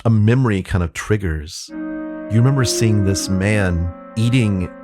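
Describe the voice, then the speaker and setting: A man narrating as dungeon master of a tabletop game, animated and often laughing. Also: on the low side, a little slow, music in the background.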